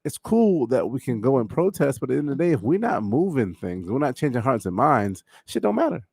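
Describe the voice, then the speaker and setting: A man's voice: mid-range voice, very animated, brisk, vocal fry, darkish tone, slightly rough, dry recording, studio quality. A man co-hosting a podcast in casual chat, talking with animation, swearing often and using lots of fillers and restarts. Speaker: podcast co-host.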